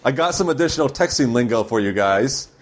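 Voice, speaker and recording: A man's voice: medium pitch, lively intonation, brisk. A man co-hosting a casual podcast, reading listener emails aloud and breaking into laughter. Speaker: podcast co-host.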